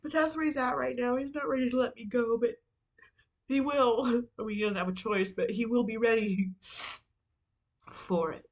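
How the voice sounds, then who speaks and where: Candid higher-voiced woman vlogging. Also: steady tone, moderate pace, long pauses, rough recording. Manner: rambling and confessional, with frequent "you know" and "like"; swears casually. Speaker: podcast host. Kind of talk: candid personal vlog monologue.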